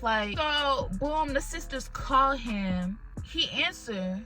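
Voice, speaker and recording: A young woman vlogger tells a dramatic story of her own in a lively, expressive way, cursing freely. Her voice sits fairly high and sounds bright and sharp. Soft music plays quietly underneath. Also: slow, few pauses, rough recording. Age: young adult. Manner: animated, emotional retelling with swearing. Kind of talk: storytime, casual chat.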